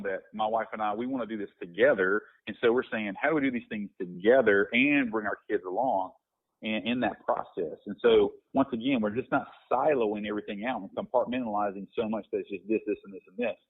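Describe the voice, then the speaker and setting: Low husky man on a tinny line. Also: a little fast. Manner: reflective, storytelling with many restarts and fillers. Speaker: guest minister. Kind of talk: conversational podcast interview.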